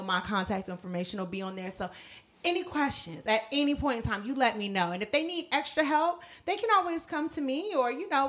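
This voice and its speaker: A woman in her thirties co-hosting a casual chat, telling a story with lots of laughter and animated asides. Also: on the high side. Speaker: podcast co-host.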